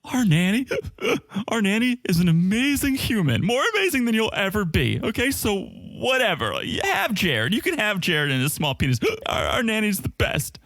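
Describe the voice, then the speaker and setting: A tipsy young woman comes through in a shrill, giggling, tearful voice, as a man puts her on. She defends her friend fiercely, and her pitch sits well above his own talking voice. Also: huge pitch swings, moderate pace, fairly bright tone, no echo, exaggerated voice. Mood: tipsy indignant.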